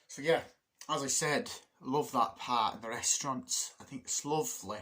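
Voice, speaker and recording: Male reviewer, mid-pitched, loose and rambling delivery, off-the-cuff vlog review. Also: fairly bright tone. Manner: rambling, loose and chatty, with many fillers and restarts; acts out film characters' lines in quick put-on voices. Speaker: movie reviewer. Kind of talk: casual spoken movie review.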